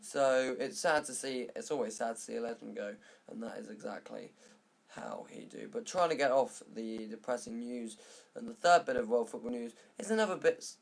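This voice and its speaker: A man's voice: mid-range voice, animated, moderate pace, vocal fry. A young man casually recapping the week's football news in a vlog. He rambles and jokes, often correcting himself mid-sentence. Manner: rambling, jokey, self-correcting.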